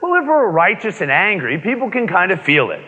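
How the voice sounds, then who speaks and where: An energetic man leads a seminar, his pitch rising and falling a lot and sitting a bit high for a man. The sound is dull and lo-fi, with a long hall reverb around him. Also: a little fast, slightly rough. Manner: energetic, asks the room questions, repeats key points. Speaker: motivational speaker. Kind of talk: live seminar talk to an audience. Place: seminar room with an audience.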